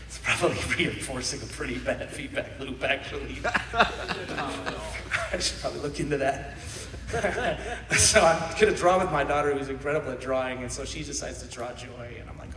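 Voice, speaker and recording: A man in his thirties preaching a sermon, animated, swinging between shouts and quiet asides, laughing often. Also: medium pitch, normal speed, noisy background. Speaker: pastor. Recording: echoey hall from far off.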